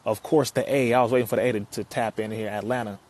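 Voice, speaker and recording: A man from Compton, California, talking casually on a live stream, reading out where viewers are from and giving them shout-outs, with frequent laughter and loud outbursts. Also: on the low side, quick pace. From United States (Compton, California). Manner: lively, reads out viewers' locations and gives shout-outs.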